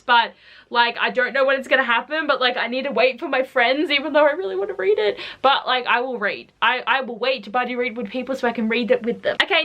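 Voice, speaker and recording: Bubbly young woman, bright voice. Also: fairly high pitch. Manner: bubbly, gushing, fast asides. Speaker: book vlogger. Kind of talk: casual book haul chat.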